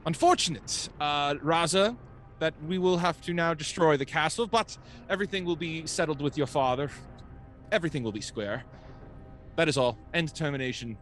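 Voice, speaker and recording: A man's voice: fairly high pitch, moderate pace, a bit bright, faint music behind, voice pushed up, lightly acted. A man voicing a cold female imperial officer speaking over a hologram in a clipped, formal way.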